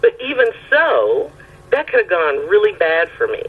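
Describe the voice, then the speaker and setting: A woman with a husky voice, calling in and telling a lively anecdote, often checking in with her listener. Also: medium pitch, normal speed. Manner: lively anecdotal storytelling, checks in with "right?" and "okay?". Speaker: caller telling a story. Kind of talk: casual phone storytelling. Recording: tinny phone line.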